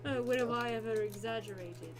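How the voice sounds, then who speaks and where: A woman's voice: fairly high pitch, a little fast, music in the background. A woman player in a tabletop game, teasing and dry with a drawling delivery. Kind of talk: tabletop role-play banter.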